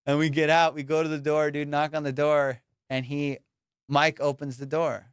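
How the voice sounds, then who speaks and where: A man hosting a comedy podcast, spinning stories in loose slang and throwing on voices for the people in them. His voice sits a bit high and comes through smooth and resonant. The close mic is completely dry, with no room sound around him. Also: moderate pace, no room sound. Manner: slangy, animated, acts out quoted voices. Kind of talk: casual storytelling.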